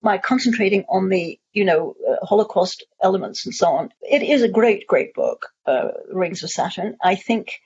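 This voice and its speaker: A woman's voice: medium pitch, lively intonation, moderate pace, few pauses, a little mellow, husky. A woman answering audience questions at a talk, discursive, with many fillers and restarts. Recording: muffled lo-fi audio.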